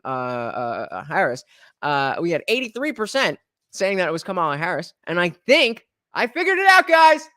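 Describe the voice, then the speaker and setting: A man's voice: high voice, a bit bright, dry recording, clean studio sound. A man hosting a livestream reaction, talking in a rambling casual way with many fillers and restarts.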